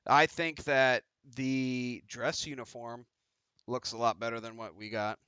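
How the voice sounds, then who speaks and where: Brief: male stream host, very bright tense tone, dry close sound, jokey and profane. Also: mid-range voice, flat delivery, a little slow, clean tone, no echo, highs cut off. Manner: joking, swears freely. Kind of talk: casual chat.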